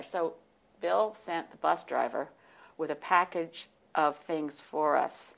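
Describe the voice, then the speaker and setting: A woman in her sixties telling stories as a guest in an interview, animated and warm, with laughs. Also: low voice, a little slow, vocal fry. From United States. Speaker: guest, party leader. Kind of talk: storytelling in interview.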